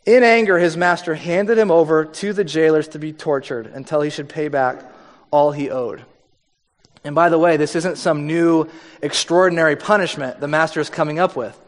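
This pastor, a man with a fairly high voice, speaks at a normal pace as he reads scripture and performs the lines in a relaxed, chatty sermon. A long hall reverb trails his words.

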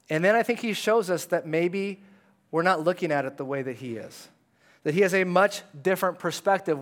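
A man with a slightly high voice delivers a sermon from a church stage. He speaks in a casual, conversational way and swings between animated bursts and hushed asides. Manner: conversational and animated, dropping to hushed tones for quoted words. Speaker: pastor. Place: church sanctuary.

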